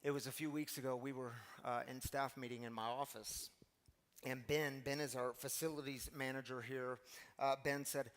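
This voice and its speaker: A man's voice: medium pitch, steady tone, normal speed. A middle-aged man preaching a sermon as a pastor, telling stories and speaking directly to his congregation. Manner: storytelling, addresses the congregation directly.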